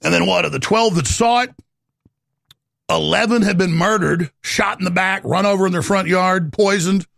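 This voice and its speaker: A man's voice: high-pitched, normal speed, gravelly, fairly bright tone, no echo, studio quality. A middle-aged man hosting a talk show, ranting in a rambling, heated monologue.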